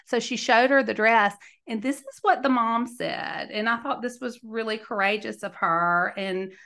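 Woman in her forties, emphatic podcast host, raspy-edged voice pitched a bit high. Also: a bit bright. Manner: chatty, emphatic, laughs mid-sentence. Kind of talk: candid storytelling monologue.

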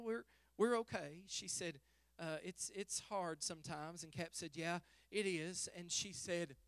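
A middle-aged male pastor preaching a sermon, telling a story softly and then rising to fervent exhortation. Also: fairly high pitch, clean tone, no echo. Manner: storytelling, swings from hushed to fervent.

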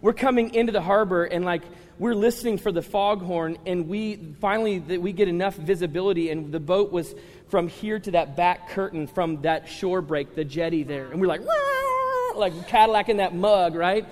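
A man's voice: high-pitched, moderate pace, a little mellow. A man preaching a sermon to his congregation, telling stories with humor and talking directly to the listeners. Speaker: pastor. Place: large church hall with congregation. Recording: live sermon in a reverberant hall.

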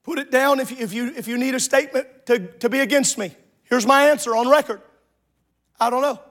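A man preaching a sermon as a pastor, calling out to the congregation and shouting at the peaks. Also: very high-pitched, fairly quick.

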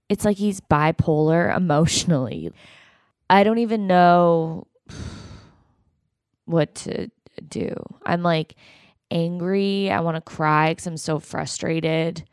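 A woman's voice: on the low side, a little mellow, clear, resonant tone, no echo, soft background music. A woman hosting a podcast, venting on her own with frequent swearing and quoted asides. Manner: venting, swearing, quoting others in quick asides. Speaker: podcast host. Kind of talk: frustrated solo recording after a call.

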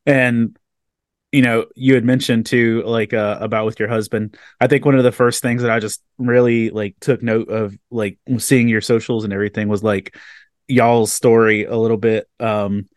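A man hosting a podcast interview, chatting casually and telling stories with animated energy. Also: lowish voice, moderate pace, dry recording, clean studio sound. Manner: animated storyteller, casual and excitable. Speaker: podcast host.

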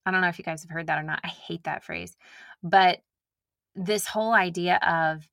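A woman's voice: on the low side, normal speed, gravelly, a bit bright, no room sound, studio quality. A woman from Nashville talking candidly and earnestly to her listeners in a casual, reflective monologue. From Nashville, Tennessee. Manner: slips into mocking impressions of herself.

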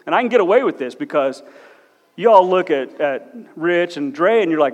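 A man's voice: a little high, expressive, normal speed, a little mellow. A man in his forties, a police officer, giving a blunt, self-deprecating, joking talk as a church guest speaker. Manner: blunt, no-nonsense. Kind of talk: humorous church talk with personal stories. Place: large church hall. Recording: echoey church hall with long reverb.

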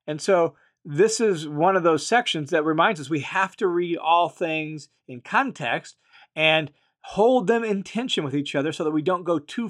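Higher-voiced man teaching scripture. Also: fairly bright tone. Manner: explanatory, restates points with "in other words"; emphatic, leans on key phrases. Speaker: Bible teacher. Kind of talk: verse-by-verse Bible teaching.

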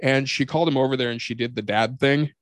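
A male podcast host with a voice of ordinary pitch, talking casually and telling stories with lots of energy. He swears freely. The sound is dry and close, with no room around it. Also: fast, no room sound. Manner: animated storyteller, swears freely. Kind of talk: casual chat.

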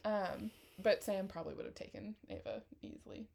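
Podcast co-host woman, casual show recap, animated, laughs a lot. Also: mid-range voice, brisk, gravelly, slight background noise. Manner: animated retelling, laughs often.

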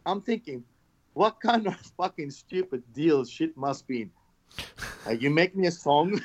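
Male podcast guest, fairly high voice, lively anecdotes with cursing, slightly muffled lo-fi sound. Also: a little slow, long pauses. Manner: animated storytelling, swears, mimics messages. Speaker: podcast guest, knife maker. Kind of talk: casual chat.

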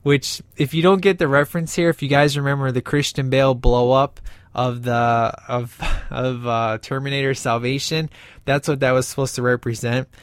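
A man's voice: medium pitch, flat delivery, moderate pace, clean tone, dry recording. A man hosting a casual podcast, talking with lots of fillers and reading a listener's email aloud. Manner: enthusiastic, rambling with many fillers. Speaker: podcast host.

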